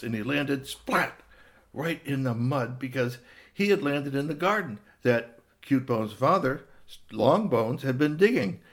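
A man's voice: fairly high pitch, fairly bright tone. A man improvising a children's story about a cat, rambling along with fillers and little gasps.

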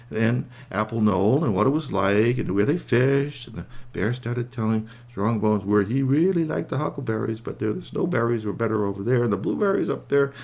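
A man telling a children's tale in a folksy, animated way. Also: mid-range voice, vocal fry. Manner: lively, folksy, puts on voices for animals. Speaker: storyteller. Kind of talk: oral storytelling.

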